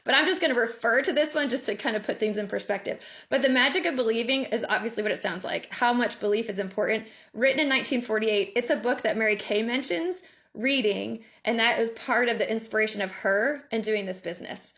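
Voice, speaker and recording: Woman, slightly high voice, animated motivational speaker on a video call. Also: a little fast. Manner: lively, laughs often, acts out inner voices. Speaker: guest speaker. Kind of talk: motivational talk.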